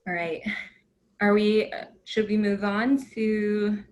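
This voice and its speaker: A woman's voice: mid-range voice, slow pace. A woman in her thirties from the United States giving a casual academic talk, chatty and full of fillers. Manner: chatty, filler-heavy, animated. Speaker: guest lecturer.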